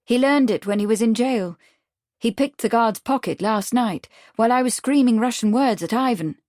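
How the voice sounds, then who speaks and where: A woman voicing a spirited young Victorian woman hiding from the police, speaking briskly and with urgency. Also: on the high side, darkish tone, no room sound, clean studio sound, pitched above the performer's own voice, close to an everyday voice. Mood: lively.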